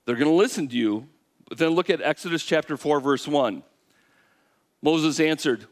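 A man's voice: on the high side, moderate pace. A male pastor preaching a sermon, acting out the lines of the characters and putting questions to his listeners. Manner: animated storytelling, acting out God's and Moses' lines, asks the audience questions.

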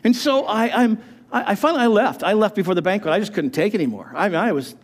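A man, a pastor, telling a personal testimony in an earnest, halting way, often restarting his sentences. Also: sits high, big pitch swings.

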